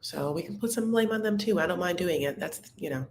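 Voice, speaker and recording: A woman's voice: fairly low pitch, lively intonation, brisk, darkish tone, roomy sound, slight background noise. A woman hosting a casual live recap chat, rambling and candid, with lots of tangents and filler words. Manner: rambling, chatty, full of "like" and tangents. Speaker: host of a reality TV recap show.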